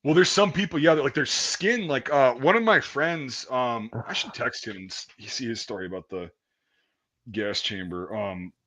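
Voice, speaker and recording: A young man with an ordinary mid-range voice, swearing freely as he tells a rambling story. He acts out the people in it, jumping higher and louder for quoted shouts, then dropping back into easy chat. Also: normal speed. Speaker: podcast host.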